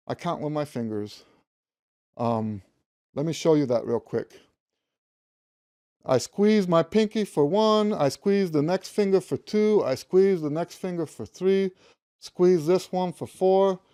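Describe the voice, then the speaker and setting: This is instructional talk to camera from a music teacher, a man in his fifties with a fairly high, smooth, dark-toned voice. Teaching a practice method, he stresses and repeats key words and hums the notes as he goes.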